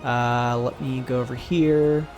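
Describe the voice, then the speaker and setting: A man runs a tabletop game from behind the screen, describing scenes and rules in a casual, meandering flow full of little fillers. His voice sits at an ordinary middle pitch. Soft music plays quietly under him. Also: slow pace, highs cut off. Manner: relaxed, rambling with many fillers. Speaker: game master.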